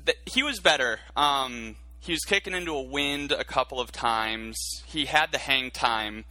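A man co-hosting a sports podcast, talking in a measured, reflective way on a close mic. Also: medium pitch, bright, forceful tone, faint music behind. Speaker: podcast co-host. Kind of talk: casual sports chat.

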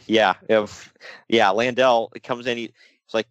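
A man co-hosting a casual podcast chat, animated and jokey, slipping into mock voices. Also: on the low side, takes it slowly, pauses often, smooth, dry recording. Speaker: podcast co-host.

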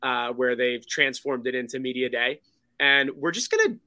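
A man telling a story in an excited, casual way, with many fillers. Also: medium pitch, normal speed, no echo. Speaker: podcast guest.

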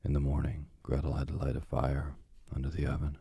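A man reading a fairy tale aloud in a hushed, dramatic storytelling manner. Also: a bass voice, completely flat delivery, fairly quick, vocal fry, hardly any pauses, breathy edge, dry recording, clean studio sound.

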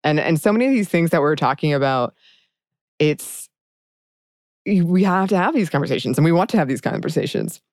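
A woman's voice: low-pitched, lively intonation, fairly quick, a little mellow, no room sound, studio quality. A woman co-hosting a podcast, speaking in an earnest, thoughtful way in casual chat. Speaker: podcast co-host.

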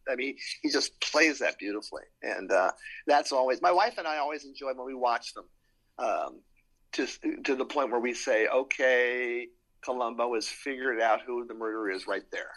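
A man's voice: medium pitch, normal speed, fairly bright tone, rough recording. A man in casual panel chat, talking in a rambling way with many ums and restarts. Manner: rambling, hesitant with many fillers.

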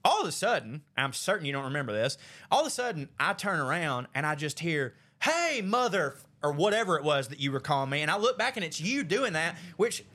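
A man hosting a podcast, telling a story in a casual, animated way and acting out what people said. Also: fast talker. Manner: animated storyteller, acts out quotes with big pitch jumps. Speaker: podcast host.

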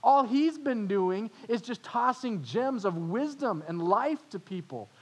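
A preacher doing a repentant criminal scolding. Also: male voice, very high voice, lively intonation, unhurried, breathy edge, voice pushed up, full character voice, poor audio. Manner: urgent, scolding. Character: repentant condemned man scolding his fellow.

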